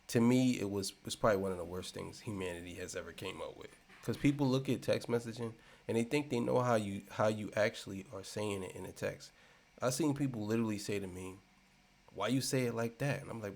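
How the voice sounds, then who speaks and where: A man giving a casual commentary rant, repeating himself and swinging between loud and soft. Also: lowish voice. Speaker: commentary channel host.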